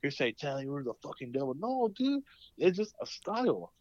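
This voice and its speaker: A man's voice: on the high side, big pitch swings, moderate pace, a little mellow, no echo, highs cut off. A man co-hosting a casual podcast chat, rambling through stories full of swearing and acted-out quotes. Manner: rambling storyteller, heavy swearing, acts out quotes. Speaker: podcast co-host.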